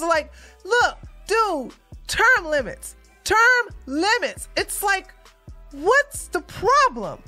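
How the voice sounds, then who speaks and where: A woman giving casual, animated reaction commentary as a news vlogger, chatty and often laughing. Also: fairly high pitch.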